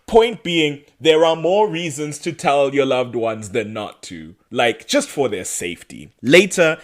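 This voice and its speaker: A man's voice: medium pitch, big pitch swings, measured pace. A man co-hosting a podcast, chatting casually and recapping a TV show, laughing often and acting out quotes in exaggerated voices. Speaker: podcast co-host.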